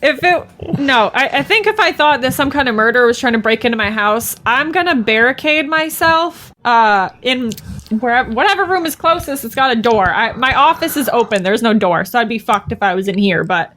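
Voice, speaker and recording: A woman's voice: on the high side, expressive, brisk, a bit bright. A woman chatting as a podcast guest, laughing often and poking fun at herself. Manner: laughing, self-deprecating. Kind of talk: casual podcast chat.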